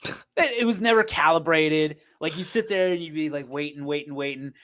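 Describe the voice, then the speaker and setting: A man co-hosts a sports stream in loose, rambling banter, pitched a little high for a man. He teases his partner playfully and drifts from topic to topic. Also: moderate pace, a bit bright. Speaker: sports show co-host. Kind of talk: casual banter. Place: streaming studio.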